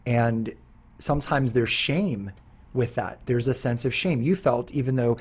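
Husky-voiced earnest male podcast host. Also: medium pitch, unhurried. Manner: earnest, rambling, with many restarts. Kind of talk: casual podcast chat.

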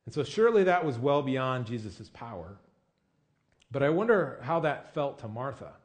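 A man's voice: medium pitch, very animated, moderate pace. A man preaching a sermon in a casual, conversational way, often asking his listeners questions. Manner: casual with frequent "I mean" and "you know". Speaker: pastor.

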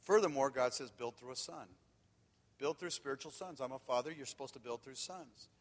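A man preaching, telling candid stories that swing from loud and animated to quiet and hushed. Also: mid-range voice, fairly quick. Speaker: pastor. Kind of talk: sermon. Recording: long hall reverb.

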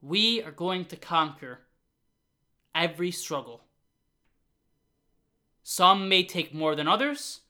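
Bright-voiced, earnest motivational podcast man. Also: high-pitched, animated, slow, pauses often. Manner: earnest and uplifting, repeats phrases for emphasis; grows loud and fired up at times. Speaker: podcast host.

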